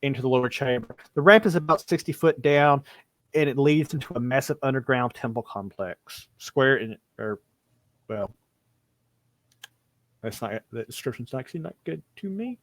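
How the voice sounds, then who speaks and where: A man's voice: mid-range voice, animated, moderate pace, no echo. A man narrating a tabletop horror game as game master, telling the story in a loose, improvised way. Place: home streaming setup.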